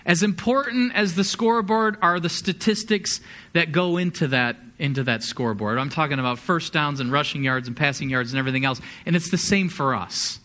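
A man preaching a sermon, a pastor talking in a conversational, energetic way and asking the congregation questions. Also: a little high, fairly quick.

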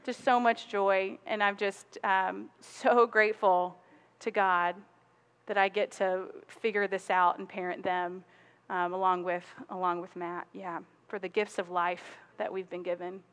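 A woman's voice: on the low side, flat delivery, measured pace, a bit bright, clear, resonant tone. A woman, preaching a sermon in a conversational storytelling way and laughing often. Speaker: pastor.

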